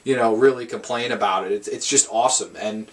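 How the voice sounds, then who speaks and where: A man's voice: on the low side, steady tone, a little fast. A man giving a casual, rambling film review, swearing often and restarting his sentences. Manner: rambling, profane, frequent restarts.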